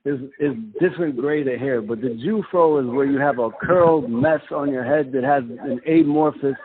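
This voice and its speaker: A man from the American Midwest telling stories as a guest in an animated, rambling way, laughing and restarting often. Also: medium pitch, moderate pace. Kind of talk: casual storytelling chat. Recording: tinny video-call audio, faint noise.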